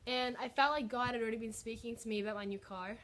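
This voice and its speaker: A woman's voice: fairly high pitch, steady tone, quick pace, fairly bright tone. A young woman, chatting in a bubbly, filler-heavy way as she shares a personal faith story on her vlog. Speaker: vlogger. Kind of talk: casual testimony vlog.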